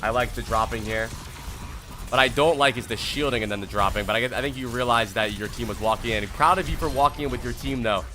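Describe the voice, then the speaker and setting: A man's voice: mid-range voice, fast, noisy background. A young man from the US East Coast reviewing gameplay on a live stream, talking to chat in a blunt, profane and casual way. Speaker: streamer and coach.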